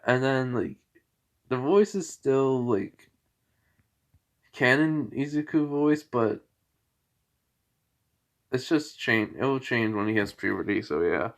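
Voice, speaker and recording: A man casually retelling a fan-fiction story in a rambling, halting way, with lots of fillers and restarts. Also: medium pitch, expressive.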